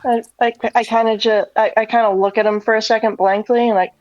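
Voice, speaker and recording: A woman playing a character in a tabletop game, joking loudly. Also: fairly high pitch, level tone, fast talker, no room sound, highs cut off. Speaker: player.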